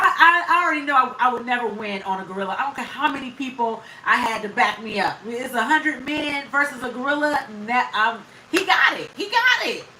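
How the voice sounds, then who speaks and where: A woman's voice: a little high, sharp tone, slight background noise. A woman hosting a casual live stream, chatting with viewers, greeting them by name and laughing often. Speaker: livestream host. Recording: echoey room, voice from off the mic.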